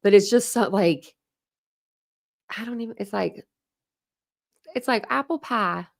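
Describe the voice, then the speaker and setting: A woman's voice: mid-range voice, unhurried, creaky. A young woman hosting a true crime channel, chatting casually and rambling to her livestream viewers, full of "like"s and restarts.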